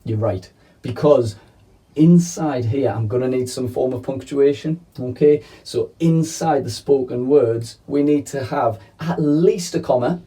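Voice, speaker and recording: A man's voice: mid-range voice, a little slow, dark tone, recorded from a distance. A man teaching a children's video lesson in a playful, chatty way, often checking in with "okay?". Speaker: primary school teacher.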